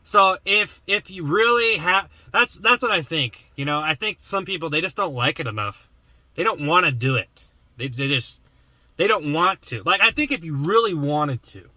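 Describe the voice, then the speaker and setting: A man's voice: on the high side, lively intonation, moderate pace, bright, forceful tone, dry recording. A man vlogging in casual chat to the camera, rambling with lots of fillers and restarts.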